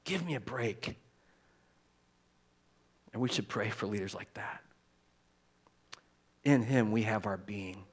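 A pastor giving a conversational sermon, informal, with restarts and repeated words, growing loud and animated when he stresses a point. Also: lowish voice, slow pace, pauses often, husky.

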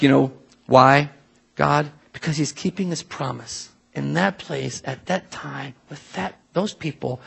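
A man preaching a sermon in a church, conversational and animated, full of asides and questions to the congregation. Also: mid-range voice, vocal fry, husky. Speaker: pastor.

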